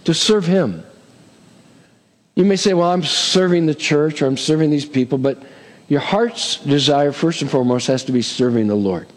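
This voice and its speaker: A middle-aged man preaching a sermon as pastor, emphatic and lively, with touches of humor. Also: fairly high pitch, normal speed, long reverb tail.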